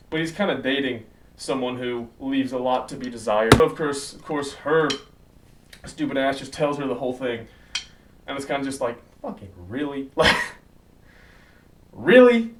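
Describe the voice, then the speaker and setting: Rambling teenage guy, distant mic. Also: medium pitch. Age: late teens. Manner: rambling, self-correcting, slangy. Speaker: vlogger. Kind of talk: casual storytelling to camera. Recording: slightly distant mic, faint noise.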